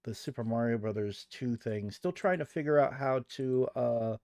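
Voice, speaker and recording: A man's voice: medium pitch, moderate pace, a little mellow, no echo, clean studio sound. A young man from the United States live-streaming at home, chatting goofily with viewers while he works. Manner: goofy, chatty, talks to chat while working. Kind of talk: casual live-stream chat.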